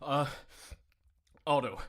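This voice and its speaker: A man's voice: mid-range voice, fairly bright tone, voice pushed up. A man voicing a flustered middle-aged official who is out of breath and talks in an anxious hurry. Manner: hurried, anxious.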